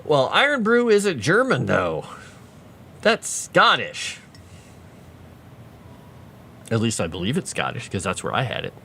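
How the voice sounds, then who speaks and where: Lively rambling man chatting on stream. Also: mid-range voice, fairly quick, gravelly, a little hiss or hum. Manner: rambling, tangent-prone, chatting to viewers. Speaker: writer streaming his lore writing. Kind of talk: casual livestream chat with viewers.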